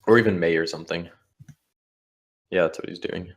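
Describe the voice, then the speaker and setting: A man's voice: deep voice, fairly even intonation, a little fast. A man giving live commentary on a board game match, explaining the strategy of each move. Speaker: Scrabble commentator.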